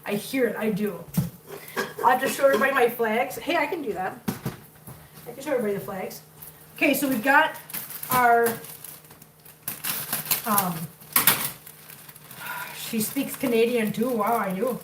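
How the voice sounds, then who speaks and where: A woman's voice: a little high, normal speed, long pauses. A woman with a Minnesotan accent chatting casually while she cooks at home on a livestream, laughing often and reading out viewer comments. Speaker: livestream cooking host. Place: home kitchen. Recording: echoey room, distant mic, noisy.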